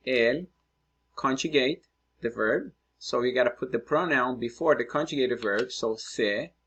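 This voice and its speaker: Guy teaching a spanish lesson, super slow and patient, talking it through while he writes. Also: medium pitch, a bit bright, breathy edge. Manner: slow, patient, thinking aloud while writing. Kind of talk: screen-recorded lesson, working through exercises.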